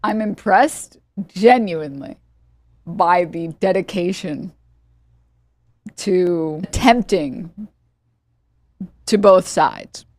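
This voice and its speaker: A man putting on a slow mock-earnest voice. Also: sits high, slight background noise, voice pushed up.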